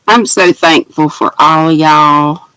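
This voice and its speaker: An older woman chats through a home livestream, calling out her viewers by name with sweethearts and honeys. She talks at an unhurried, drawn-out pace, and her laptop mic sounds dry and close with no room around it. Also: deep voice, fairly bright tone, clean tone, no room sound, low-quality recording. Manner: chatty, greets viewers by name with pet names, laughs often. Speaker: craft livestream host. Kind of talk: casual livestream chat. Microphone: laptop built-in mic.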